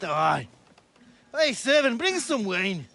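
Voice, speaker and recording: An actor playing a crude, mocking Scottish troublemaker in a game, taunting and picking a fistfight. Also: male voice, high-pitched, very animated, slow pace, vocal fry, pushed and bright, full character voice. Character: rowdy bawdy Scottish brawler, mocking and crude. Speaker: brawling troublemaker. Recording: game audio with music behind. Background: game music.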